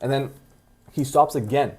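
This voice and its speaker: A man's voice: medium pitch, normal speed, darkish tone, slightly rough. A young man co-hosting a podcast, rambling through a story in casual chat, full of "like". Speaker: podcast co-host.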